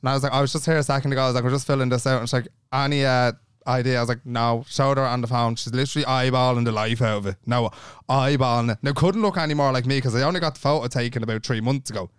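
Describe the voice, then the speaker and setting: Fast-talking Irish man telling a story. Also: medium pitch, clean tone, no echo, studio quality. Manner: animated, acts out every voice in his story, swears freely. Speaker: podcast co-host. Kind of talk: casual storytelling chat.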